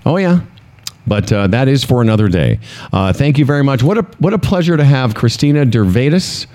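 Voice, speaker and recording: A man's voice: medium pitch, sing-song, brisk, a little mellow. A man co-hosting a talk show, joking and self-deprecating in casual banter. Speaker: radio show co-host.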